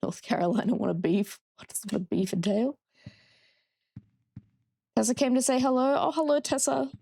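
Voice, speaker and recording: A woman's voice: on the high side, steady tone, moderate pace, creaky, mellow, dry recording, studio quality. A young Australian woman casually chatting with her chat while she plays a horror game, swearing freely. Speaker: streamer. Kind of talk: casual gameplay commentary.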